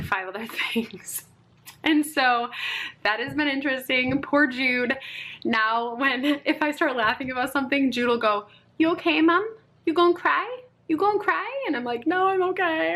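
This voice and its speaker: A woman in her thirties giving a casual pregnancy update to her viewers, chatty and quick to laugh. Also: on the high side, pushed and bright. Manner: chatty, laughs often, addresses viewers as "you guys". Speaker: vlogger.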